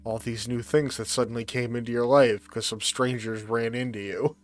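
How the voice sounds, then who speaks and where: A man running a tabletop role-play game as game master, speaking in a relaxed, unhurried way. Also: mid-range voice, faint music behind.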